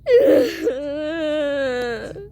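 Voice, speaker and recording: High, lively, giggly female role-player. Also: very slow. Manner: giggly, melodramatic, acts out panic. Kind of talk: home-made pretend play.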